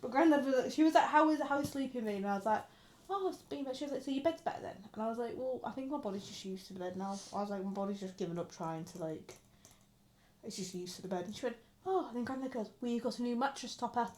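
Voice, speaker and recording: Young girl chatting, kinda high voice, acts out quotes and swears a lot. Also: quick pace, a little mellow. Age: 20s. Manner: storytelling with acted-out quotes, frequent swearing. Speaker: podcast co-host. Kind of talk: casual chat.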